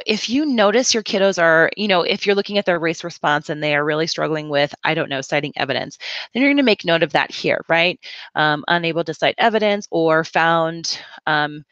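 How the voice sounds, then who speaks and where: A woman reading teacher explaining a lesson plan step by step in a relaxed, conversational way. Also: fairly low pitch, fairly quick, dry recording, muffled recording. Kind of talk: instructional walkthrough.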